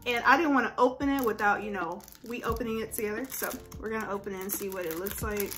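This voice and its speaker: A woman's voice: medium pitch, fairly even intonation, fast, music in the background. A young woman vlogging a hair tutorial in a chatty, gushing, slangy way. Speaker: beauty vlogger. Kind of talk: casual hair tutorial vlog.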